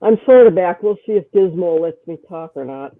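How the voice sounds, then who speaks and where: A woman's voice: lowish voice, lively intonation, brisk, no room sound. A woman joining a stream, making short remarks while showing off her pet birds, over a call line. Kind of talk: casual chat. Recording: tinny phone-like call audio.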